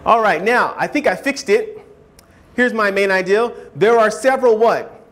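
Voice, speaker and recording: A man teaches a writing class in a classroom lecture at normal speed. He is animated and keeps asking students whether they follow, and he acts out hedging speakers in a higher voice.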